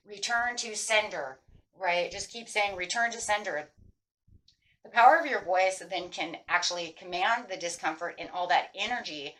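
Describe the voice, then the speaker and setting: Offering relaxed spiritual guidance, this tarot reader speaks in a lowish voice with a fairly bright tone, though the recording is rough. She comes across earnest and emphatic, restating key phrases and checking in with a frequent "right?"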